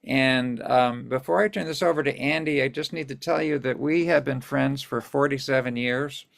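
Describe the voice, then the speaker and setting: Older man, gravelly, chatty live host. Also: medium pitch, normal speed. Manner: chatty and rambling, loses his place and restarts. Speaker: host of an online singing series. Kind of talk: casual greetings to a live online audience. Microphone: video call.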